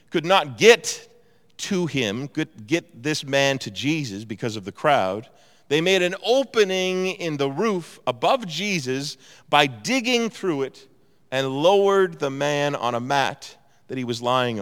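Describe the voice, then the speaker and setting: A man's voice: on the high side, smooth. A man preaching a sermon as pastor, telling stories and acting out what people said. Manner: animated storyteller, acts out quotes. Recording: long hall reverb.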